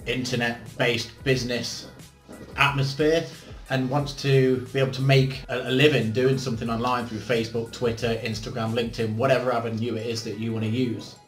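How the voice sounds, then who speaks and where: A man's voice: medium pitch, little pitch movement, moderate pace. A man hosting his channel, giving a casual, blunt book review with self-mocking jokes and casual swearing. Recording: roomy echo with faint background music.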